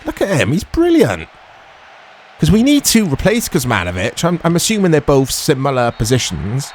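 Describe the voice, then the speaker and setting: A man commentating casually over a football video game, chatty and quick to shout at big moments. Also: fairly high pitch, slight background noise. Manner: excitable, shouts at big chances, chatty asides. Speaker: gaming commentator. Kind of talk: casual let's-play commentary.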